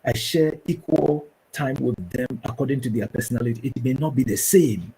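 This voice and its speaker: Gravelly ghanaian-born pastor man. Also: medium pitch, normal speed, low-quality recording. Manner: earnest, preacherly, animated when quoting others. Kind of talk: conversational talk show.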